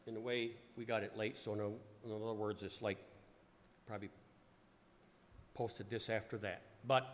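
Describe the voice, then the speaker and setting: A man's voice: mid-range voice, a little hiss or hum. A man leading a church service, talking in loose, self-interrupting asides and reading scripture aloud. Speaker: preacher. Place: church sanctuary. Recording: echoey church hall.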